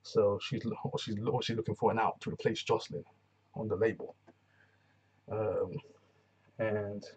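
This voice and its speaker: A man with a husky, somewhat low voice recaps a TV episode in a loose, rambling way, full of slang and restarts. The recording sounds a bit dull and muffled. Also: little pitch movement, a little slow, long pauses, darkish tone. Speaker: TV reviewer. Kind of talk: casual episode recap vlog.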